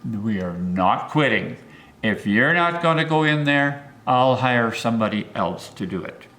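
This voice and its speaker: A man's voice: medium pitch, measured pace, roomy sound, voice pushed down. A man doing a stern settler father. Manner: firm, flat refusal.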